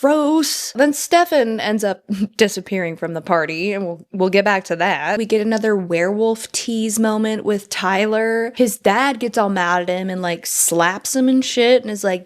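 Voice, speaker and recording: Female recap host with a mid-range voice, chatty and sarcastic, quick to laugh. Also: medium pitch. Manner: sarcastic, animated, laughs often. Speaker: TV recap vlogger. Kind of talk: casual recap chat.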